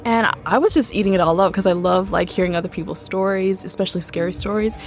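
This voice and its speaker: A woman's voice: medium pitch, quick pace, darkish tone. A young woman casually recounting a true ghost story in a chatty way, full of "like" and "um" fillers. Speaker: guest storyteller.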